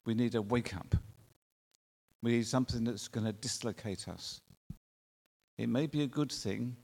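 A man's voice: mid-range voice, gravelly, darkish tone. Earnest male preacher in a reverberant hall. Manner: earnest, drawn-out emphatic phrasing with rhetorical questions. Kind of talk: sermon. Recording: long reverb of a large hall.

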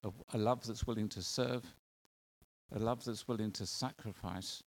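Male preacher, gravelly voice, earnest conversational sermon. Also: fairly low pitch, fairly even intonation, normal speed.

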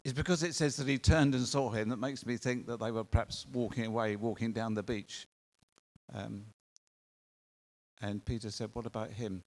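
Gravelly man preaching a sermon. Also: medium pitch, steady tone, moderate pace. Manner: earnest, conversational preaching with rhetorical questions.

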